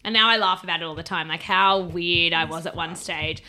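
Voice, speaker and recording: A young woman, telling a story in a casual chat, animated and laughing as she swears. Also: on the low side, brisk. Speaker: podcast co-host.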